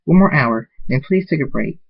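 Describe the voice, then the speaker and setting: A man voicing a caring aunt in a fan-made story reading, gentle and motherly. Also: mid-range voice, lively intonation, moderate pace, vocal fry, breathy edge, no room sound. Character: caring aunt figure, woman. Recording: dull lo-fi recording.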